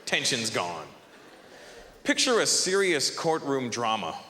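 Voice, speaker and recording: Animated young stand-up comic in an echoey hall. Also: male voice, mid-range voice, takes it slowly, slight background noise. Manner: animated, punchy, laughing at his own jokes. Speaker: stand-up comedian. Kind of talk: live stand-up set. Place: comedy club stage. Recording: echoey hall, faint crowd ambience.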